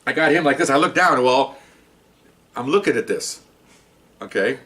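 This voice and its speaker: Rambling older ex-cop storyteller. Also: male voice, mid-range voice, moderate pace. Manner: rambling, animated anecdotes, acts out other people's lines. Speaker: retired police detective telling stories. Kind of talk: casual storytelling to camera.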